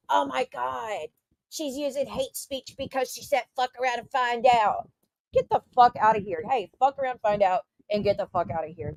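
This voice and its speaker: A woman's voice: a little high, no echo. A woman livestreamer ranting to her chat in an indignant, profane, casual way. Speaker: YouTube livestreamer.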